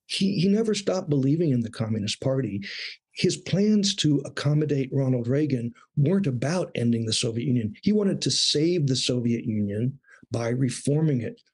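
A middle-aged man, a guest on an interview show, talking in a measured, thoughtful way about his years as a foreign correspondent. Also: medium pitch, darkish tone, slightly rough. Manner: measured, thoughtful, with small restarts. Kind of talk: reflective interview talk.

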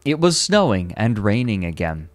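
A man's voice: on the low side, very animated, moderate pace, dry recording. A man streaming a comedic, mock-dramatic reading of a story at a desk microphone. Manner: mock-dramatic, breaks into laughter.

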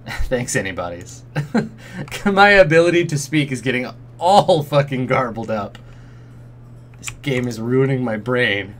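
A man's voice: mid-range voice, expressive, unhurried, a bit bright. A man streaming a role-playing game, casually commenting in a jokey way, swearing and often muttering under his breath. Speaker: let's play streamer.

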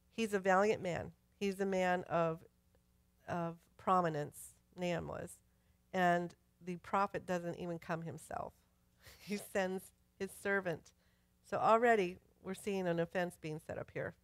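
A woman pastor preaches with animated storytelling and reads scripture in rising, emphatic bursts. Her voice sits at a middle pitch. The sound is dry, with little room around it. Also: no room sound. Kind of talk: sermon. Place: church sanctuary.

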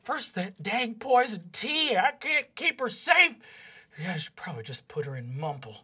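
A frantic dwarf father wails and shouts over his wrecked home, his voice jumping high and wide. A man puts him on while running the game. The tone stays bright. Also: very animated, normal speed, husky, heavily acted. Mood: distraught. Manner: loud, wailing, distraught. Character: panicked middle-aged male dwarf dad.

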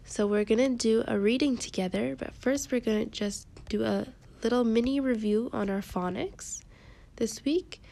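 A woman teaching a kindergarten phonics lesson, sounding out letters slowly and praising the children often. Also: on the high side, creaky, dark tone.

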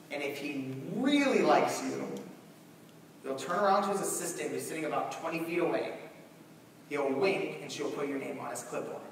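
A young man giving a storytelling keynote in a large conference hall, animated and acting out scenes. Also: fairly high pitch, a little hiss or hum. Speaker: keynote speaker. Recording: echoey hall from far off.

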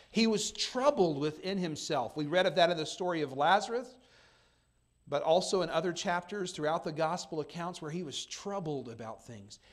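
Here a pastor, a man with a somewhat high voice, gives a sermon whose volume rises and falls. Between readings of archaic scripture, he addresses the congregation in casual asides.

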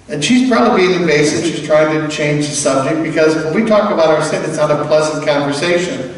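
A man preaching a sermon as pastor, talking in a conversational, animated way and acting out quoted voices. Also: fairly high pitch, brisk. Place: large church hall. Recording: echoey church hall, from far off.

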